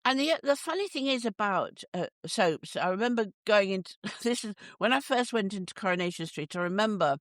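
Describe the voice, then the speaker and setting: Woman host from the midlands, laughs a lot, acts out bits, middle pitch, dry close mic. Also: animated, brisk, hardly any pauses, dry recording. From English Midlands. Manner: laughs often, acts out little quotes. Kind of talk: casual chat.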